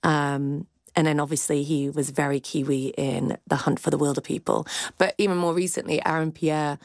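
A woman's voice: low voice, fairly even intonation, normal speed, dry recording, clean studio sound. A woman film critic giving candid, chatty opinions in a radio discussion. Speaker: film critic, cultural commentator.

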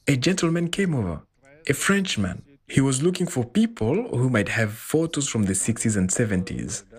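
A man voicing a translated interview, telling his story in an animated way. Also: mid-range voice, slightly rough. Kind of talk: voiced-over translation.

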